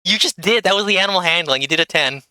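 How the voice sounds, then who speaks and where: Game master narrating, lots of ums and stops, crisp bright voice, super dry. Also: mid-range voice, quick pace, no room sound. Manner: hesitant, with many fillers and restarts.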